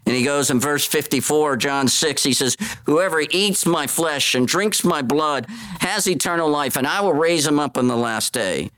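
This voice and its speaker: Male preacher, animated sermon delivery, slips into voices for the people he quotes. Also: medium pitch. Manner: animated, acts out voices of Bible figures in quotes.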